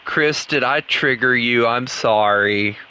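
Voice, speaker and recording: A man's voice: medium pitch, slow, pushed and bright, smooth. An American man streaming a game in casual chat, playfully teasing a friend. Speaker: gaming streamer.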